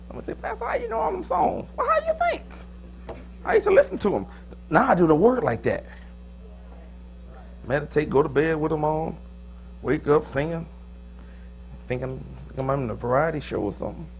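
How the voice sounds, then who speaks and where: A pastor preaching a sermon in a joking, lively manner, with sudden loud, high bursts. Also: male voice. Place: church.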